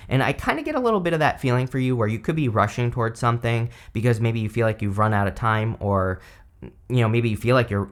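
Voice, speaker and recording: A man's voice: mid-range voice, a bit bright. A man giving a casual tarot reading, talking loosely with many fillers and self-corrections. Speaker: tarot reader.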